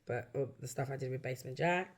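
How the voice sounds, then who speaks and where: A woman from London with a London accent and a low, gravelly voice tells stories about her singing career. She chats easily in a relaxed interview, laughs a lot and slips into livelier voices whenever she quotes someone. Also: fast. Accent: London English. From London, England. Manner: animated storytelling, acts out quoted voices, laughs often. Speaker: guest, backing singer and songwriter. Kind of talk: casual chat.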